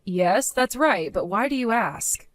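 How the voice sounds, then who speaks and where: An actress voicing a calm young woman defending her savings, speaking in a firm, measured, articulate way in a voiced story drama. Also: mid-range voice, no room sound, soft background music, close to an everyday voice.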